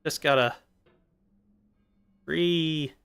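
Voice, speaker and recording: A man's voice: a little high, steady tone, slow pace, creaky, a bit bright, clear, resonant tone. A male streamer chatting casually while playing a game, drifting playfully between jokes and musings. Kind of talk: casual rambling chat while gaming.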